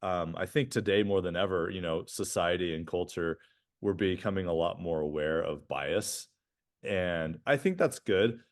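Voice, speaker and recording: A man's voice: deep voice, moderate pace. A man co-hosting a podcast, chatting casually and animatedly, restarting sentences and tagging them with "right?". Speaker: podcast co-host.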